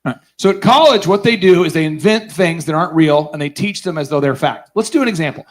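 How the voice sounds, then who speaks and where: A man's voice: fairly high pitch, fast talker. A man hosting a business conference, telling a story with sarcasm and energy, acting out the voices and quizzing the audience. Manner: energetic, sarcastic, acts out voices in his stories. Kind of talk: live seminar storytelling to an audience.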